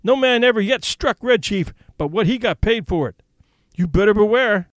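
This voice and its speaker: Man doing a bratty little kid, high and sulky, dry close sound. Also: lively intonation, normal speed, no room sound. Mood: threatening. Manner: sullen, threatening. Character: wild bratty young boy Red Chief.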